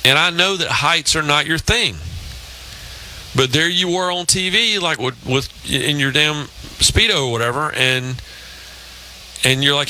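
A man's voice: fairly high pitch, unhurried, sharp tone, a little hiss or hum, rough recording. A man in his fifties hosting a sports talk show, telling long rambling anecdotes in casual chat. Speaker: radio show host.

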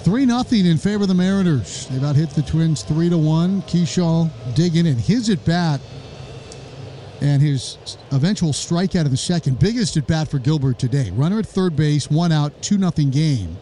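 A man calling a live baseball game play-by-play, brisk with wry joking asides and rising excitement on big plays. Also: a little high, a little hiss or hum. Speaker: play-by-play announcer.

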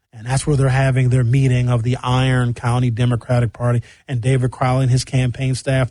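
Animated, storytelling man from Milwaukee. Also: on the high side, no room sound, clean studio sound. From Wisconsin, Milwaukee. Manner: animated storytelling, acts out voices, emphatic slowdowns. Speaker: political commentary host. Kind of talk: casual comedic commentary.

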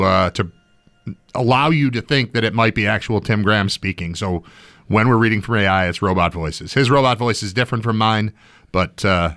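A man's voice: lowish voice, fairly bright tone. A man hosting a sports radio show, joking and rambling in casual studio chat.

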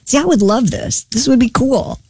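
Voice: high-pitched, moderate pace, darkish tone, slightly rough, dry recording, clean studio sound. A radio show regular reading odd news items aloud and chatting about them between headlines. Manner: reads headlines then chats. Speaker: news segment reader on a show.

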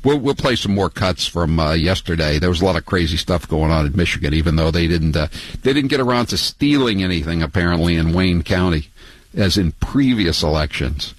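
An older man hosting a talk radio show, rambling and sarcastic, with many halting restarts. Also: sits low, lively intonation, no room sound, low-quality recording.

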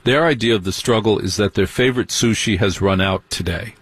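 A man with a husky, fairly low voice telling a comic story in stand-up style. He is sardonic and animated and throws in mocking asides. The sound is dry and close, with no room around it. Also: a little fast, no room sound. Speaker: comedian.

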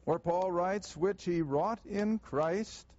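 A man teaching a Bible class, reading verses slowly and deliberately and stressing key words. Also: high voice, a little mellow, highs cut off.

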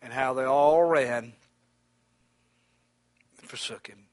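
A man preaching a sermon, swinging from loud exclamations to near-whispers and calling out to brothers by name. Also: mid-range voice, slow, no room sound.

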